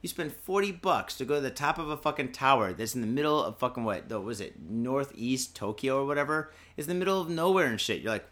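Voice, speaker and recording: A man's voice: mid-range voice, expressive, a little fast, few pauses, a bit bright. A tipsy man hosting a podcast, rambling in a rowdy, profane way and saying "dude" a lot. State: tipsy from drinking. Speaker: podcast host. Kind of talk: rambling drunk podcast monologue. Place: Japan.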